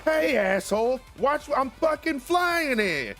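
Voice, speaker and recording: A man doing a shrill, cursing dragon. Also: very animated, slow, soft background music, exaggerated voice. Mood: indignant. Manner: shrill, yelling, profane. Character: belligerent male dragon squabbling mid-flight.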